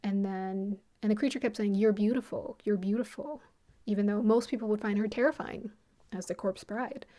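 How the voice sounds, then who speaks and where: Woman, channel host, casual retelling, rambling, animated, mid-pitched voice. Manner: rambling, animated retelling with quick quoted asides. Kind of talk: casual spoken film retelling.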